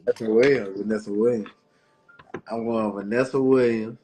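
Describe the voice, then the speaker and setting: A man's voice: fairly low pitch, fairly even intonation, normal speed, a crowd in the background. A man co-hosting a podcast, talking in a laid-back, slangy way and often repeating himself. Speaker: podcast co-host. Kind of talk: casual chat.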